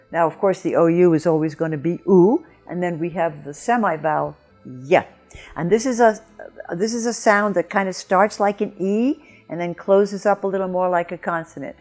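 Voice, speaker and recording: Woman teaching how to say words, slow and careful, kinda low voice, soft music behind. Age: older. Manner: clear, deliberate, models sounds slowly. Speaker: pronunciation teacher. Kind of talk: scripted video lesson.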